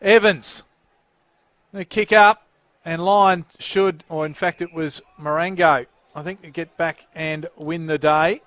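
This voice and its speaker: Australian man calling football, lively. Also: on the high side. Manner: lifts and quickens on the action calls. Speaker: play-by-play commentator. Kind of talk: sports commentary.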